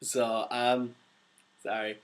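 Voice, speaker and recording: Very slow and level in tone, this young voice actor speaks at medium pitch. He's answering live chat on a stream, casually reading out viewer questions and laughing a lot.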